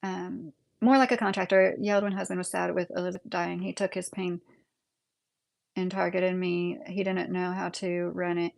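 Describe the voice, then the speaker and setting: A woman's voice: lowish voice, flat delivery, normal speed, vocal fry, dry recording. A woman with a Midwestern American accent hosting a casual livestream, rambling and answering viewer comments with lots of fillers. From United States. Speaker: livestream host.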